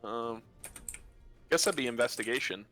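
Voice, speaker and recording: Bright-voiced man running a tabletop game. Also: medium pitch, expressive, moderate pace, faint music behind. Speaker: dungeon master. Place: home, online voice chat.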